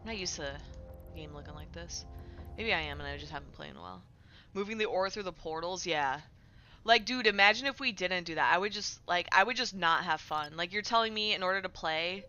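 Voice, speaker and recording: A young woman plays a game on a home stream, loosely chatting with viewers, swearing often and filling her answers with rambling fillers. Her fairly low voice sounds pushed and bright, and the audio is dull.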